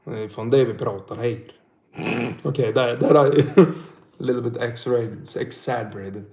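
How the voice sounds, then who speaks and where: A man's voice: medium pitch, steady tone, normal speed, darkish tone. A young man from northern Sweden with a Swedish accent, chatting casually on a livestream, swearing a lot and laughing often. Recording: roomy echo.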